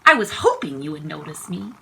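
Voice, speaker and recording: A woman voicing a hairy red anger creature, calm and knowing, speaking softly and sometimes in a hush. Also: low voice, fairly quick, creaky, slightly rough, voice pushed down, full character voice, rough recording.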